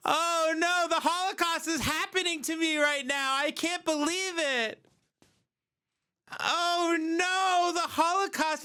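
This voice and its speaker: A man putting on a melodramatic voice, wailing and shouting in mock panic. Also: very high-pitched, voice pushed up, heavily acted.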